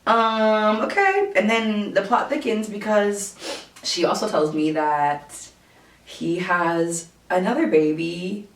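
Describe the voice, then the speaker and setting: A young woman vlogger telling a casual storytime at home, animated and profane, with lots of filler words. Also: medium pitch, slow pace. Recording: roomy, distant camera audio.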